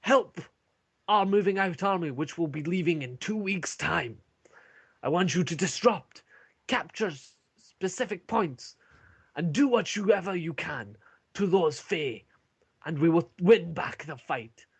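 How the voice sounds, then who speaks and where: A man voicing a stern male dwarf commander who gives booming, drawn-out orders. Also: lively intonation, breathy edge, exaggerated voice. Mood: commanding. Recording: lo-fi online call.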